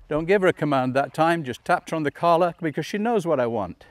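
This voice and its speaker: A man training a dog outdoors, explaining each step and calling the dog with calm, coaxing commands. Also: a little high, fast, no room sound. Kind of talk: instructional demonstration. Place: outdoors in a field.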